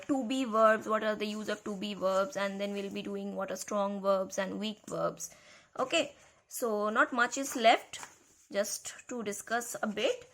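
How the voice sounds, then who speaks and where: A woman teaching a grammar lesson to schoolchildren, speaking slowly and repeating key words. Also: medium pitch, a bit bright. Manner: slow, repeats key words, addresses kids.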